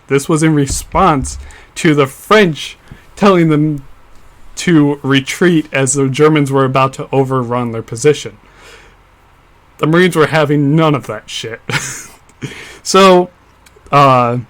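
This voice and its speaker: A man's voice: mid-range voice, measured pace. Young man explaining history on a podcast. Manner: explanatory, with frequent fillers. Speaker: podcast co-host. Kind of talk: casual history podcast chat.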